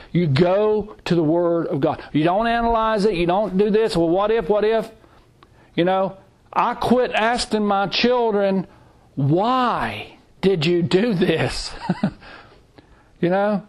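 High-voiced man preaching emphatically. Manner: emphatic, repeats phrases, reads scripture aloud. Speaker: Bible teacher. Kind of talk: sermon.

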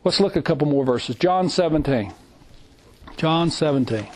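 High-voiced man preaching emphatically. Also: lively intonation, moderate pace. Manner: emphatic, repeats phrases, reads scripture aloud. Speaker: Bible teacher. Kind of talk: sermon.

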